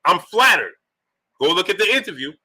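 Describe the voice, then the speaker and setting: High-pitched and sing-song, slightly rough and sharp in tone, this man talks at an ordinary pace while hosting a boxing live stream. He goes through super chats and throws rhetorical question after rhetorical question at his viewers.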